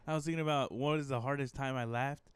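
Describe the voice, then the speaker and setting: A man's voice: mid-range voice, steady tone, fast talker, smooth, no room sound. A young man co-hosting a podcast in a laid-back, teasing way, laughing often. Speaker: podcast co-host. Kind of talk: casual podcast chat.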